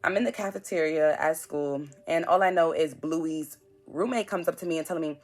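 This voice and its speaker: A woman's voice: on the low side, normal speed. Blunt young New woman. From New York. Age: young adult. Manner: animated, blunt, slangy storytelling with acted-out quotes. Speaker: vlogger. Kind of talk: storytime vlog.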